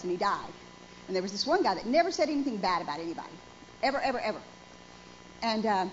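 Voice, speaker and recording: A woman in her forties preaching a sermon in a church, speaking emphatically and putting questions to the congregation. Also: medium pitch. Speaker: pastor. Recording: dull lo-fi sound with faint noise.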